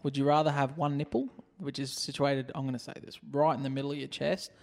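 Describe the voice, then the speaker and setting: A man's voice: mid-range voice, little pitch movement, quick pace, creaky, darkish tone, big-room sound. A man, reading would-you-rather questions and teasing his friends in a casual podcast chat. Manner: teasing, laughing.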